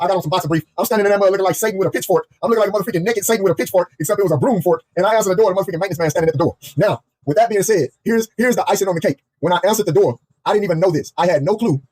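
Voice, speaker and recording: A man telling a comedic personal story in an animated, profane way, repeating himself often. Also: high-pitched, husky. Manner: animated, profane, heavily repetitive.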